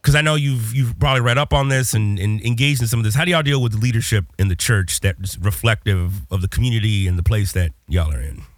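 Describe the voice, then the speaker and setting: A man who teaches communications, hosting a casual podcast conversation and talking in an animated, rambling way with many restarts. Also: fairly low pitch, quick pace, few pauses, dry recording. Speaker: podcast host and communications professor.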